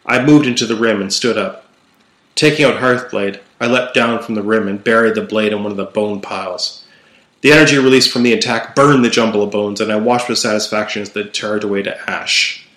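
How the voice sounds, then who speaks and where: A young man narrating a first-person horror fantasy story in a measured, dramatic storytelling manner. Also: on the low side, fairly even intonation, a bit bright. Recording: roomy echo.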